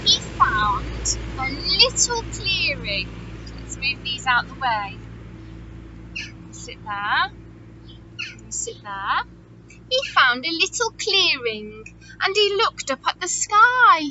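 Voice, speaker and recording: A woman teacher reading a picture book aloud to children, expressive and asking them questions as she goes. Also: sits high, takes it slowly, pauses often, dull audio, a little hiss or hum. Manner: expressive, warm-toned questioning of young listeners.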